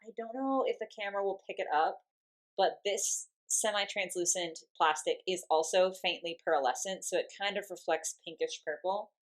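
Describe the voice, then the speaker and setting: A woman's voice: medium pitch, moderate pace. A woman, reviewing dolls in a casual, gushing and giggly unboxing talk. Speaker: doll collector vlogger.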